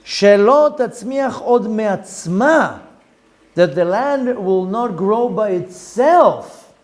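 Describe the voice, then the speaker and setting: A man teaching as a rabbi, giving a slow explanatory class and stressing points by repeating phrases. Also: high-pitched, animated.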